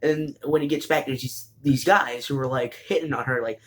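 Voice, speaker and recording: A man casually recapping an anime, rambling with lots of fillers and restarts and bursts of excitement. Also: medium pitch, brisk, slight background noise.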